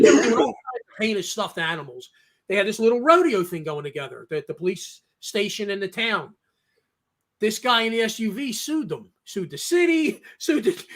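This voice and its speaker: High-pitched emphatic man, talk host. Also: pushed and bright. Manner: emphatic, repeats "okay?" often, acts out quoted voices. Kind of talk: casual talk show discussion.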